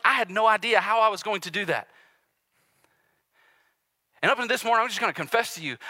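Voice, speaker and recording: A male pastor preaching a sermon earnestly and confessionally, swinging between loud urgency and hushed intimacy. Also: high-pitched, no room sound, clean studio sound. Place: church sanctuary with live and online audience.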